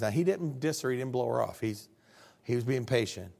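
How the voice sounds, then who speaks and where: A man's voice: medium pitch, lively intonation, fairly quick, creaky, darkish tone. A middle-aged male pastor preaching a sermon in a conversational way, asking the congregation questions and acting out quotes.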